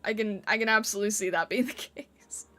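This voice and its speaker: A woman's voice: medium pitch, quick pace, sharp tone. A woman streamer chatting casually with her viewers on a live stream, giggling often as she reacts to their comments. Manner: giggly, playfully reacting to chat.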